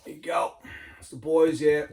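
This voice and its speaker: A man's voice: a little high, level tone, moderate pace, a little mellow, slight background noise. A man, casually talking viewers through his record collection, enthusiastic and loose, saying "man" and "all right" a lot. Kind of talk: casual show-and-tell vlog.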